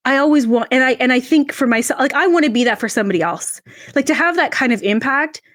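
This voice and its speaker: Animated woman telling a personal story. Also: fast, dry recording, studio quality. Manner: expressive, acts out quoted voices with big pitch jumps. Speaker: podcast guest, personal brand coach.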